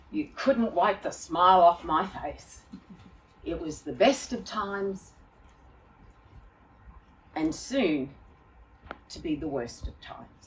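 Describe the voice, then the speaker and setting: A woman speaker telling a personal story live, dramatic and expressive, acting out the scenes she recalls. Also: on the low side. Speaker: keynote speaker. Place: live venue. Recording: distant mic, faint room noise.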